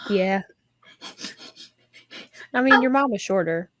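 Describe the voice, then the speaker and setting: A woman's voice: medium pitch, animated, slow, fairly bright tone, dry recording. A woman in a casual podcast chat who drops short, dry, teasing one-liners. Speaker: podcast co-host.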